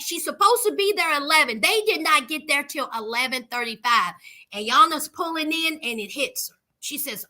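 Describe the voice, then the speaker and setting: A woman's voice: sits high, expressive, moderate pace, pushed and bright. A woman hosting a casual reality TV recap, sassy and emphatic, talking straight to her viewers.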